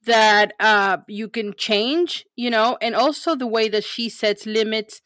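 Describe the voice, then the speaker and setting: A woman co-hosting a casual movie podcast, speaking in halting restarts and often murmuring agreement. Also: a little high, fairly even intonation, a bit bright, no echo, studio quality. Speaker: podcast co-host.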